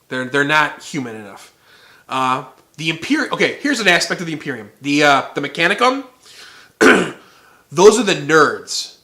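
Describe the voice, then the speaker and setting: A rambling male host muses aloud about fantasy armies in a casual, goofy way. His voice sits a bit high and sounds bright and forceful. He trips over his own words as the thoughts pile up. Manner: goofy, rambling, self-interrupting. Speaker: channel host. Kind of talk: casual musing monologue.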